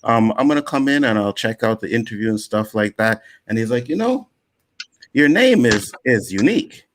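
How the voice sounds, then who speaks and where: A man's voice: mid-range voice, moderate pace. A man from Nova Scotia, Canada, telling stories on a casual panel show and acting out other people's lines as he goes. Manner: animated storyteller, acts out other people's lines.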